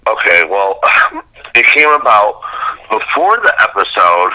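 A man co-host with a lowish voice jokes and teases in casual banter, swearing now and then. His tone is very bright and his pitch swings a lot. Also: takes it slowly, rough recording. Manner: teasing, swears, lively banter. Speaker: podcast co-host. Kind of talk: casual chat.

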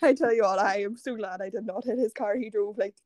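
A woman's voice: medium pitch, quick pace, darkish tone, no room sound. A young Irish woman in her twenties, a podcast guest telling a long casual story and laughing often. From Ireland. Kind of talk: casual chat.

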